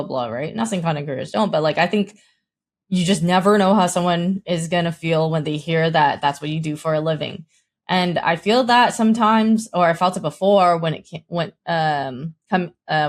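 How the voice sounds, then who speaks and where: A young woman co-hosting a podcast, speaking thoughtfully and hesitantly, often restarting her sentences. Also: sits low. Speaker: podcast co-host, content creator. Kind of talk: casual podcast chat.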